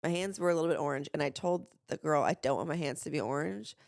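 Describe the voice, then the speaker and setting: A young woman co-hosting a podcast, chatting casually about her upcoming wedding, with frequent vocal fry. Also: low-pitched, fast talker, darkish tone, no echo, clean studio sound. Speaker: podcast co-host. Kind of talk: casual chat. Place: small room.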